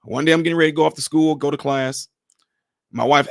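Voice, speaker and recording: A man's voice: on the high side, fast, no echo, studio quality. A man, casually giving relationship advice on a podcast panel and acting out bits of dialogue as he tells stories. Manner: animated storyteller, acts out dialogue in other voices.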